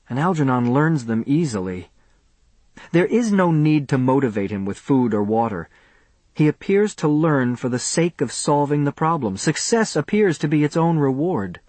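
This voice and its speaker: A man reading a first-person audiobook in a measured, subdued way. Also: medium pitch, a little mellow, dry recording. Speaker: audiobook narrator.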